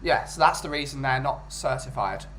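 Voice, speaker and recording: A man's voice: mid-range voice, animated, normal speed, fairly bright tone, slight background noise. A man hosting a casual chat who jokes and rambles about food and culture. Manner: jokey, rambling. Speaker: host.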